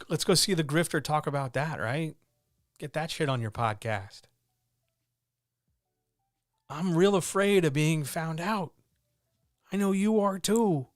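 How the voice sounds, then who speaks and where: A man's voice: a little high, dry recording, studio quality. A man hosting a stream, giving a blunt, earnest, motivational talk into a microphone at home with his cats, swearing freely. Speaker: streamer host. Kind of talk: candid motivational monologue. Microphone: talking into a microphone.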